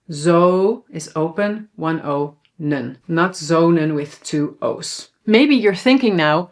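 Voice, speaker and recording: A woman with a Dutch accent teaching a language lesson, explaining clearly and slowing down to model words. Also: fairly low pitch, animated.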